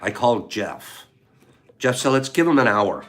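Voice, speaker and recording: An older man hosting a casual talk, telling a fishing story in an animated way, acting out his friends' lines and chuckling as he goes. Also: mid-range voice, moderate pace, soft background music. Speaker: host.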